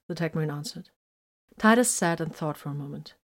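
A woman narrating a fan fiction story in a measured, softly dramatic way. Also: low-pitched.

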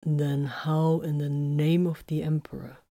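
A woman reading the lines of a calm male space marine commander in an audiobook, quiet and dry. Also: low voice, unhurried.

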